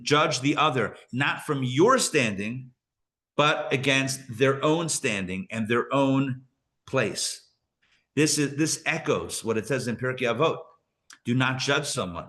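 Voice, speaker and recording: Rabbi, live class, explains verses in a chatty animated way, mid pitch. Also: male voice. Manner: conversational, explains and paraphrases verses with lively emphasis. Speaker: rabbi teaching a Torah class. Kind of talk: live class lecture with discussion.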